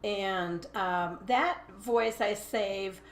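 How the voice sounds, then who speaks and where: A woman teacher co-hosting a relaxed chat, mostly chiming in with short agreeing replies. Her voice sits at a middle pitch. The room has a noticeable echo. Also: drawn-out words. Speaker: teacher and co-host. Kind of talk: casual two-person chat.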